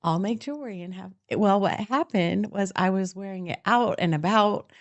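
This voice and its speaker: A woman's voice: medium pitch, moderate pace. A woman guest on a talk show with a Midwestern American accent, speaking in a friendly, affirming way. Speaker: guest, jewelry business founder. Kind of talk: interview.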